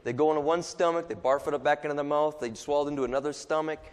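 A man's voice: fairly high pitch, steady tone, very fast, big-room sound. A man preaching a sermon in a casual, joking way, acting out little asides and voices as he goes.

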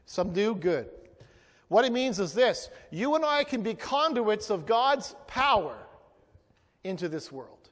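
A man preaching as a pastor, lively and playful, asking the congregation to repeat lines after him. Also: high-pitched, unhurried. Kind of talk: sermon. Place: church hall. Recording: long hall reverb.

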